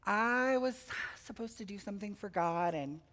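A woman voicing a remorseful male prophet who admits his fault in a quiet, sheepish way. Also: medium pitch, expressive, moderate pace, close to an everyday voice.

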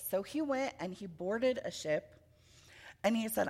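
A woman preacher giving a children's sermon, telling a story with animated expression and asking the children questions. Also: medium pitch, unhurried. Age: adult with children.

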